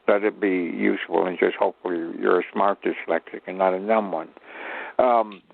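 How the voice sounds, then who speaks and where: An old man from Chicago spins long, digressive anecdotes with a dry, self-mocking humor. His voice sits low and carries a heavy gravelly fry. It comes through a thin, tinny phone line. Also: steady tone, normal speed. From Chicago, USA. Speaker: guest, actor. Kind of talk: rambling anecdotal storytelling.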